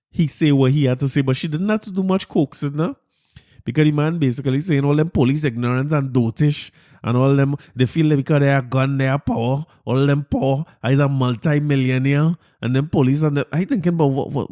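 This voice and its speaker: A man with a Trinidadian accent hosting a podcast, talking through the news in a casual monologue, animated and incredulous, often repeating his words. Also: mid-range voice, no room sound, clean studio sound. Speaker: podcast host.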